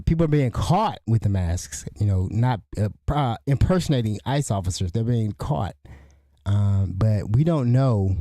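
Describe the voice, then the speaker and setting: Middle-aged male podcast host, indignant off-the-cuff commentary, dark tone, mid pitch. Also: no room sound. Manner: rambling, indignant, restarts often. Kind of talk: casual spoken commentary.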